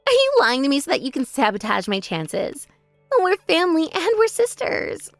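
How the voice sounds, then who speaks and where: A woman's voice: sits high, wildly swooping pitch, normal speed, no room sound, faint music behind, exaggerated voice. A woman voicing a bratty, boastful younger sister. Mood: indignant. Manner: mocking, taunting, gloating. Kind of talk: text-message story voice acting.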